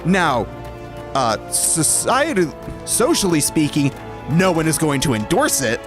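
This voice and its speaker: Music plays behind a man from Alabama who talks to his stream viewers in a slightly high voice that swings widely in pitch. He takes his time, rambles, keeps correcting himself, and chuckles lightly.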